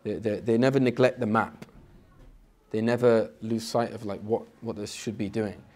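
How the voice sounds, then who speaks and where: A man with a fairly low voice teaching in a relaxed, conversational way. He often stumbles over and repeats the first word of a phrase, and now and then jumps up in pitch to act out an inner voice. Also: moderate pace. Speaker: Islamic teacher. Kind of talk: informal spiritual lecture.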